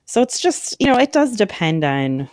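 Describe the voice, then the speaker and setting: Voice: medium pitch, big pitch swings, moderate pace, darkish tone, no room sound, studio quality. A host in casual chat, talking in a chatty, rambling way and telling stories with animation.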